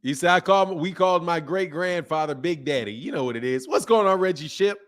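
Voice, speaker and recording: Man, stream host, casual chat, animated, slangy, laughs often, a bit higher voice. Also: fairly quick. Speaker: boxing channel host. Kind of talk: casual live-stream chat reading viewer comments.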